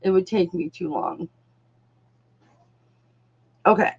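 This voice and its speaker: A woman's voice: on the low side, sing-song, slow pace, a little mellow, slightly rough. A woman hosting a live online jewelry auction, chatting casually and calling viewers darling, honey and doll. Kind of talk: casual live-stream selling chat. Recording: dull lo-fi sound.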